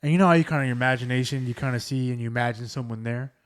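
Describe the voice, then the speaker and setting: A man's voice: medium pitch, racing. Rambling young man telling ghost stories. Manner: rambling, filler-heavy ghost storytelling. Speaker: podcast host. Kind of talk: casual storytelling chat.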